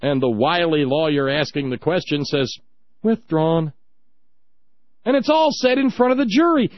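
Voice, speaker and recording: A man's voice: on the high side, animated, fairly quick, dry recording, muffled recording. Sarcastic ranting male radio host. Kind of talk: talk radio monologue.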